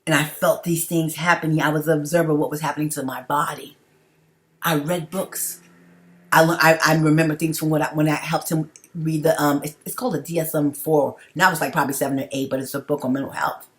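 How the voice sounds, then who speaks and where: A woman's voice: low voice, flat delivery, brisk. A middle-aged woman talking straight to her viewers in a personal vlog, emphatic and repetitive, often checking in with "okay?". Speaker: vlogger.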